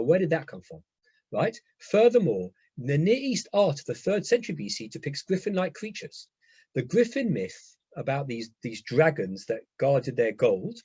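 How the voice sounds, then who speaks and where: A man's voice: medium pitch, a little mellow, slightly rough, no room sound, muffled recording. A man giving an enthusiastic lecture as a rabbi, often checking in with his listeners. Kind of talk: lively lecture to a congregation.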